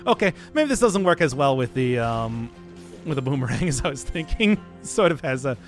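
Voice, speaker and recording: A man's voice: mid-range voice, big pitch swings, moderate pace, soft background music. A man streaming a game, rambling in casual commentary and laughing at his own jokes.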